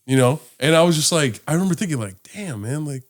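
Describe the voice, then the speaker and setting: Male podcast co-host, swears a lot while animatedly telling stories, pitched slightly high. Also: very fast. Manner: animated storyteller, acts out quotes, swears freely. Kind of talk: casual chat.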